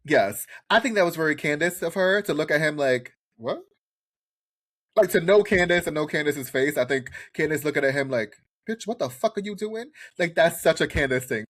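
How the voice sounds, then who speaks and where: A man co-hosting a podcast, recapping a reality show in casual chat, animated and profane, often mimicking the people he talks about. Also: a little high, a little fast, hardly any pauses. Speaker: podcast co-host.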